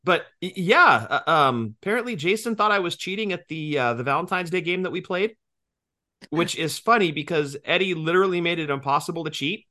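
Man in his 40s, podcast co-host, bright tone, slightly high voice, joking banter. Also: expressive, brisk. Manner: joking, profane, explains at length.

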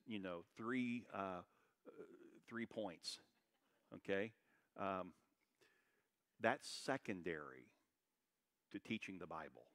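A pastor preaching a sermon, loud and brash, swinging between shouted high points and quiet asides. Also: male voice.

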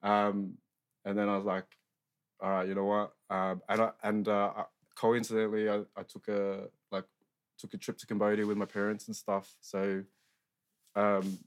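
A man's voice: fairly low pitch, completely flat delivery, normal speed. A young Australian man chatting casually, rambling with lots of filler words and swearing freely. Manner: rambling, profane, heavy use of filler words. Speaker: guest sharing life story. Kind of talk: casual chat.

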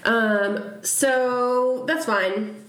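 A young woman with a slightly high voice tells a story in casual chat, rambling and laughing as she goes. The room around her is echoey and reverberant. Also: extremely slow, a bit bright. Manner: laughs often, rambling, chatty. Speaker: podcast co-host.

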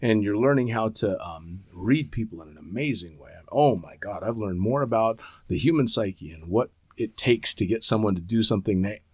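A man's voice: on the low side, normal speed, few pauses, slightly rough, no room sound. Frank, swearing middle-aged man. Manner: candid, swears freely, animated. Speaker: tandem instructor and podcast host. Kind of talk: casual chat.

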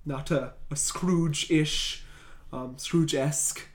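A man co-hosting a casual movie review podcast, jokey and quick with the banter. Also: a little high, fairly even intonation. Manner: jokey, quick, bursts into loud bits. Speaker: podcast co-host. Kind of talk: casual chat.

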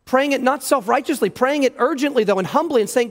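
A man's voice: very high-pitched, fast, hardly any pauses. A pastor preaching an earnest sermon, emphatic and repeating words as he stresses his points. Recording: long hall reverb.

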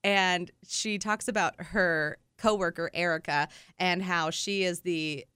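A woman's voice: on the low side, fairly even intonation, a little slow, bright, forceful tone, smooth, no echo. Woman, radio host, chatty, laughs a lot, dry close studio mic. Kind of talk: casual chat about books. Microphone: studio microphone.

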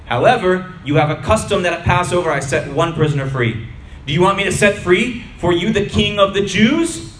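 A stern, impatient Roman governor presses his questions, voiced by a male preacher. He sounds forceful and demanding, pitched above the preacher's usual voice. The room around him is roomy and echoing. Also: lively intonation, moderate pace, slight background noise. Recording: roomy hall with faint ambience.

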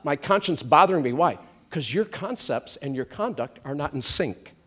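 Animated man preaching a sermon. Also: fairly high pitch, normal speed, breathy edge. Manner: animated, swinging from loud comic outbursts to soft hushed storytelling. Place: church hall with congregation.

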